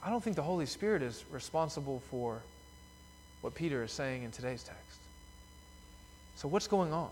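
A man's voice: mid-range voice, lively intonation, moderate pace, pauses often, a little mellow, slight background noise. A man preaching a sermon as pastor in a church sanctuary, telling the story emphatically. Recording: long reverb of a church hall.

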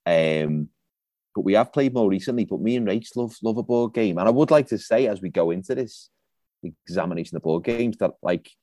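A man's voice: on the low side, expressive, fairly quick, warm tone, dry recording. A man in his thirties co-hosting a podcast in a laid-back, joking way, trailing off and restarting his sentences. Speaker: podcast co-host. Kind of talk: casual chat.

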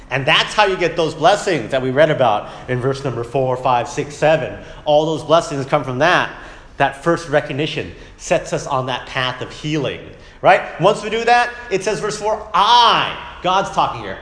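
In a roomy-sounding church classroom, a father of young children leads a chatty Sunday school Bible lesson in a somewhat high voice at normal speed. Animated throughout, he acts out quotes and keeps tossing in "right?"

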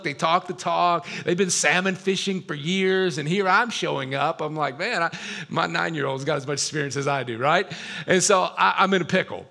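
Bright, gravelly-voiced male pastor. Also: a little high. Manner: casual, self-deprecating storyteller. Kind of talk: storytelling sermon.

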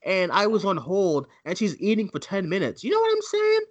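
With a high voice and brisk delivery, a man co-hosting a casual movie podcast rants with animation and does mocking voice impressions. The audio sounds dull.

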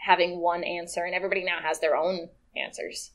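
Casting: woman, podcast co-host, chatty and animated, playful voice impressions. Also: lowish voice, quick pace. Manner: animated, mimics voices with laughs. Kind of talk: casual chat.

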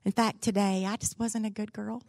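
A woman's voice: medium pitch, little pitch movement, moderate pace, vocal fry, a little mellow, no room sound. A woman, a pastor's wife giving a devotional talk in a folksy, candid, humorous storytelling way. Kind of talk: sermon-style devotional storytelling.

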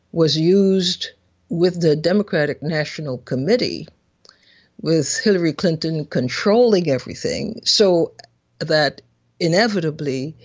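Slow, measured woman hosting an interview. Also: sits low, no room sound. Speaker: show host. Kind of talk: political interview. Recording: dull dry lo-fi recording.

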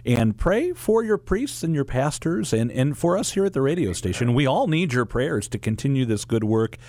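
A man's voice: mid-range voice, big pitch swings, normal speed, mellow, no room sound. A man hosting a radio show from a studio, friendly and sincere. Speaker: radio host.

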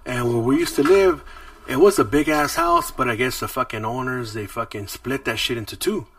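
A man's voice: medium pitch, sing-song, moderate pace, gravelly. A man hosting a podcast, telling stories in casual, profane street slang. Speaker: podcast host. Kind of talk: casual storytelling. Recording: distant mic with loud music behind.

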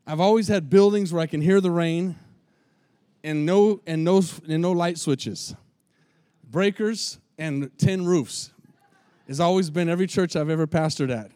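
A lead pastor with a fairly high, slightly mellow voice preaches a folksy sermon in a tin-roofed church, calling out for responses from his congregation. There's no room sound on the recording.

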